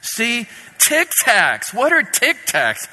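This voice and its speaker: A sulky little boy whines and complains in a high, sing-song voice, as a preacher puts him on. The sound rings with a long hall reverb. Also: wildly swooping pitch, slow pace, sharp tone, full character voice. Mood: whiny. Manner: whiny, complaining. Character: whiny disappointed young boy trick-or-treater.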